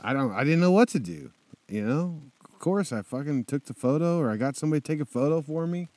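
A man's voice: fairly high pitch, expressive, fast talker, darkish tone, dry recording. A young man casually telling a motorcycle trip story, laid-back and swearing constantly, with lots of fillers.

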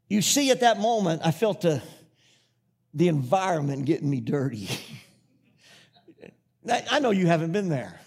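A man preaches in a notably high voice. He wanders through a personal story with many restarts, then drives his points home with forceful repetition. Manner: rambling storyteller, building to emphatic repetitive preaching. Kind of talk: sermon.

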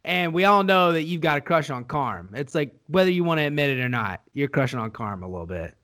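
Excitable, cussing man in casual chat. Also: a little high, a little fast. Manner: profane, rambling, excitable. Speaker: podcast co-host.

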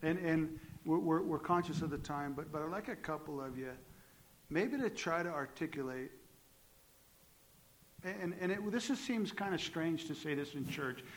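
A man with a slightly high voice leads a church panel as its pastor. He talks haltingly, restarting and repeating words as he shapes a question. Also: slight background noise, low-quality recording. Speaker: pastor, interviewer. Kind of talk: leading a church panel interview.

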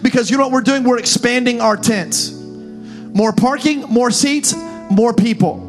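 A man preaching a sermon as pastor, talking the crowd through points and rising into fervent, shouted calls. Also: very high-pitched, measured pace, soft background music.

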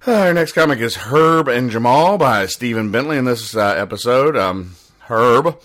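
A man hosting a comedy show, rambling through comic strips with deadpan, mock-serious explanations. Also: mid-range voice, unhurried. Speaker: podcast host.

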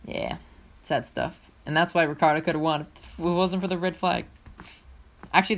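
Excitable low-voiced woman podcaster. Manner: excitable, rambling, playful. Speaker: co-host. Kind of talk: casual motorsport podcast chat.

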